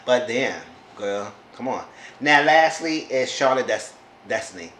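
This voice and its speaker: A man casually recapping a reality show episode in an animated way, often talking back to the people on it. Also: medium pitch, a little slow. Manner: animated, talks back to the characters. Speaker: YouTube reality-TV reviewer. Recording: roomy echo, faint background noise.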